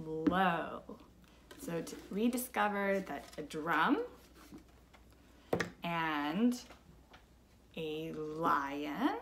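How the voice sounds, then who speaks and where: A young woman teacher giving a slow, patient music lesson to children, asking them simple questions. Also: lowish voice, noisy background.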